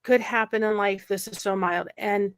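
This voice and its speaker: A woman telling a painful personal story in conversation, earnest and emotional, with quick asides. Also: medium pitch, steady tone, slight background noise. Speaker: guest sharing a personal story.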